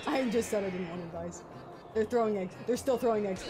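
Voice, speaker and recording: A woman's voice: on the high side, animated, a little slow. A young woman streaming a video game live, panicking, swearing and laughing as she plays. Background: game music.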